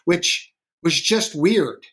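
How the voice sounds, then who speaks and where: A middle-aged man hosting a podcast interview, telling stories in a rambling, animated way full of restarts. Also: on the high side, very slow. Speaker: podcast host. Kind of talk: conversational interview.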